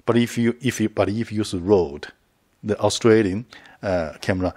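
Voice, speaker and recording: Husky-voiced man chatting casually to camera. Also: lowish voice, normal speed, a little mellow. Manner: rambling, repeats words, chuckles often. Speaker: video creator.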